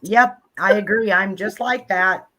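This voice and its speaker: A woman guest in a casual podcast chat, chatty and laughing along, speeding up when excited. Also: mid-range voice, a little slow.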